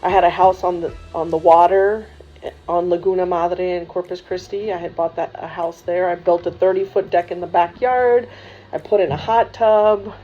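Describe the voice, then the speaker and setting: A woman's voice: fairly low pitch, normal speed. A woman who was once a coach, now a religious sister, telling a humorous story to students. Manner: lively, humorous, laughs while telling, voices others in dialogue. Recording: dull muffled sound with faint music.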